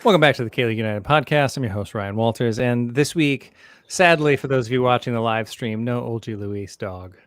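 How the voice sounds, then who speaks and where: A man's voice: mid-range voice, fairly quick, no room sound, soft background music. Jokey male podcast host, dry sound. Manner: jokey, rambling, self-interrupting. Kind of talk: casual podcast chat.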